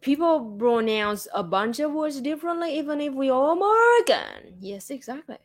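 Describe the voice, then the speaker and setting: On her livestream, this woman from Vietnam speaks at a moderate pace in a high, very animated voice with a Vietnamese accent. The streamer keeps things casual and chatty, constantly dropping fillers such as "like" and "you know."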